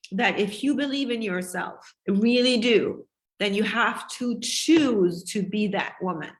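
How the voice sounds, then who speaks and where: A woman business coach giving a passionate, emphatic live sales pitch to her online group, swearing freely as she talks.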